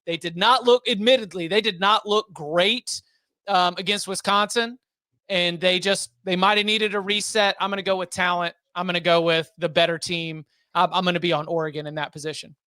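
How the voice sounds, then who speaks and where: A man giving college football betting opinions, animated and often restarting his sentences. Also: sits high, a little fast, no room sound. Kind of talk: casual sports betting chat.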